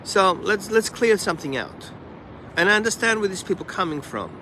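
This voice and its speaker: A man who trains dogs, talking casually on a live stream and acting out the dog and the owners in quick asides. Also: sits high, expressive, bright, forceful tone, a little hiss or hum.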